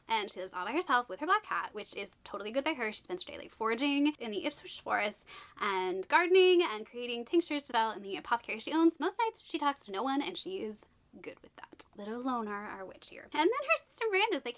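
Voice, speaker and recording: A woman's voice: fairly high pitch, sing-song, fast, fairly bright tone. A woman vlogging a book unboxing in a chatty, gushing way, full of exclamations and asides.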